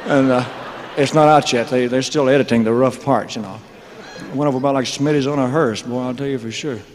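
A man with a drawl rambles through his career story in front of a live audience, loose and joking, tossing in asides as he goes. His voice sits at a middling pitch and carries a long hall reverb. A faint hiss of noise runs under the live concert recording. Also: fairly even intonation, a little fast. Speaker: entertainer telling his career story on stage. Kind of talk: rambling onstage storytelling monologue. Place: large live venue with audience laughter.

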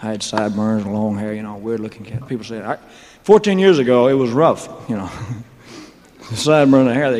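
On stage at a large live venue, a man tells his career story in a loose, joking, drawling way full of asides, a rambling monologue met with audience laughter. His mid-range voice is brisk and a little mellow. The live concert recording has long hall reverb and faint noise.

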